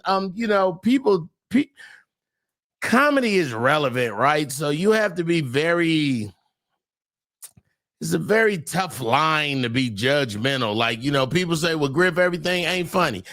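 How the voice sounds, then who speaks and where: A middle-aged man, a comedian guest, talking loud and animated, laughing through his stories. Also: fairly high pitch, dry recording, clean studio sound. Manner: loud, talks over his own laughs, Southern Black church slang. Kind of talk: animated podcast chat.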